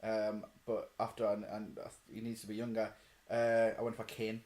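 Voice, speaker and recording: A man's voice: on the low side, monotone, normal speed, darkish tone, echoey room. A man co-hosting a podcast, speaking in an easygoing way, agreeing often and laughing along. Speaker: podcast co-host. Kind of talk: casual chat.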